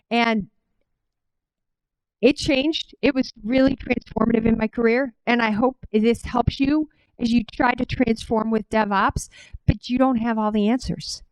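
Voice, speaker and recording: Middle-aged woman, Cleveland accent, conference speaker, animated storytelling, dry close sound. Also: fairly high pitch, smooth, no echo, rough recording. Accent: Cleveland, Ohio. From Cleveland, Ohio. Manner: animated storytelling, direct address to audience. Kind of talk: conference talk with personal story.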